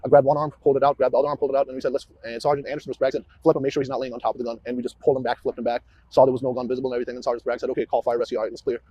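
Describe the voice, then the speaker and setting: A man, a police officer, walking investigators through events in a halting way, often repeating words and restarting. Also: medium pitch, level tone, dark tone, lo-fi sound, a little hiss or hum. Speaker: police officer questioned about a shooting. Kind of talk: recorded interview walkthrough.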